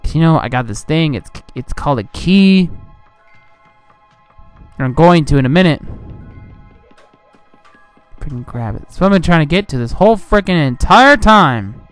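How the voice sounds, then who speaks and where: A young man giving casual, rambling commentary over a game he is playing, getting frustrated and yelling at enemies. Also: on the high side, expressive, normal speed, pauses often, clean tone. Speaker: gaming channel host. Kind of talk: casual let's play commentary. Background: game music.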